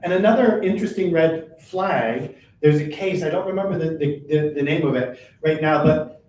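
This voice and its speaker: An older man giving a live workshop talk, who talks fast and keeps checking in with "right?". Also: a little high, darkish tone. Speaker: workshop presenter for a workers' advocacy centre. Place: meeting room at a chamber of commerce. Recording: roomy, distant, faint noise.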